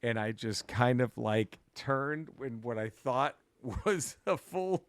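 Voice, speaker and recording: A man co-hosting a podcast, telling a long story in a casual, profane, rambling way and going hushed at the tense parts. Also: medium pitch, takes it slowly. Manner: profane, rambling, animated retelling with restarts. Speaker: podcast co-host.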